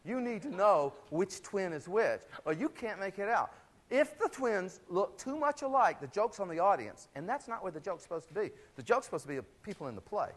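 A middle-aged man giving a lively, chatty stage talk with a demonstration, wearing a clip-on mic before a live audience. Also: high voice, brisk. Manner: animated, chatty, full of asides. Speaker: theater lecturer. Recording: faint crowd and room noise.

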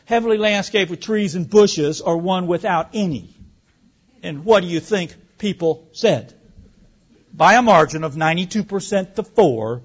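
A man addresses an audience in a lively, storytelling way, throwing out rhetorical questions. His voice sits high for a man. The recording sounds dull and lo-fi. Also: husky. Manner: animated storyteller, rhetorical questions, occasional restarts. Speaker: speaker giving a talk on land use. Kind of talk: public talk to an audience.

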